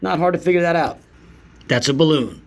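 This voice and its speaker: A man's voice: a little high, fairly quick, vocal fry. A man giving casual commentary on videos in a sarcastic, mocking, profane manner. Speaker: YouTube commentator.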